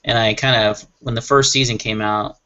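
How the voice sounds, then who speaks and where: A man's voice: mid-range voice, fairly even intonation, normal speed, bright, forceful tone. A man on a panel chat show, talking casually and with enthusiasm, rambling a little and laughing often. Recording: muffled lo-fi audio.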